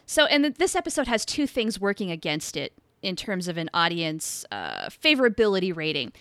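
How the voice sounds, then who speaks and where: Woman, podcast co-host, bright tone, dry close sound. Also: lowish voice, sing-song, brisk, no echo. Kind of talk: casual podcast chat.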